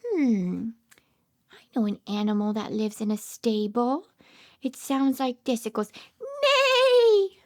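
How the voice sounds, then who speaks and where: A woman's voice: medium pitch, a little slow, mellow. A woman speech therapist reading a picture book aloud to toddlers, coaxing with questions, gasping with delight and dropping into whispers. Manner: coaxing, asks the child questions.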